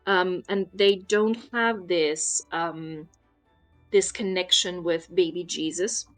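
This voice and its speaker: A woman's voice: lowish voice, steady tone, takes it slowly, a bit bright, soft background music. A woman in casual conversation, explaining things patiently like a teacher, with frequent ums. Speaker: guest explaining Japanese Christmas. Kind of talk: casual chat.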